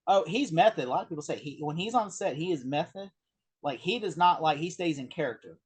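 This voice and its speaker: A man in a casual film discussion, retelling behind-the-scenes stories in a rambling, animated way with lots of fillers. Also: on the high side, fairly quick, slightly rough. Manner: rambling, animated anecdote-telling with many fillers. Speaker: film review co-host.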